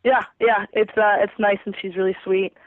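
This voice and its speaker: A woman soccer player from New Jersey being interviewed by phone, answering casually with lots of hesitant filler pauses. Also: medium pitch, flat delivery, dry recording. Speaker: pro soccer player, guest. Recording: tinny dry phone line.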